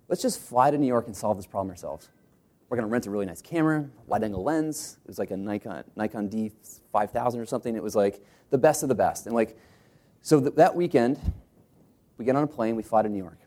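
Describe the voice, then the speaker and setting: Man, co-founder storyteller, animated, does quick voices in his anecdotes. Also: medium pitch. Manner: animated, acts out quotes in put-on voices. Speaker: startup co-founder telling his company's story. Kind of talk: storytelling talk to an audience.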